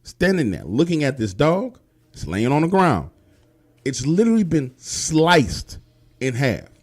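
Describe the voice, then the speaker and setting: A man's voice: fairly high pitch, wildly swooping pitch, a little slow, husky. A man telling a first-person true horror story in casual, profane street slang, speaking directly to the listener. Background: faint music.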